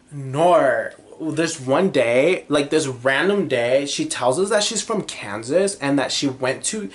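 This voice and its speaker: A young man hosting a podcast, rambling through a casual monologue full of tangents, fillers and giggles. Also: on the high side. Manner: tangent-prone, giggly, animated, lots of fillers. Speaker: podcast host.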